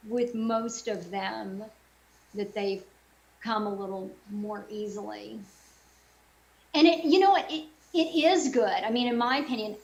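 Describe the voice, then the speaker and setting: Middle-aged woman, voice actor guest, casual chat, fairly high pitch, video call mic. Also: rough recording. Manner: chatty, many fillers and self-quotes.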